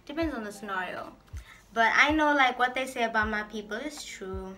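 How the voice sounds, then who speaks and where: A woman talks to her camera in a relaxed get-to-know-me video, reading questions aloud before answering each one playfully. Her voice sits a little high, with a bright, forceful edge. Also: moderate pace. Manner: chatty and playful, reads out questions then answers them. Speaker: vlogger.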